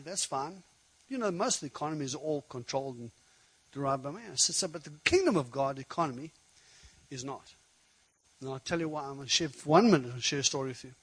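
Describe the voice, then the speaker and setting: Husky-voiced male preacher telling stories. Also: on the high side, low-quality recording. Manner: conversational, animated preaching. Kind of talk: sermon storytelling.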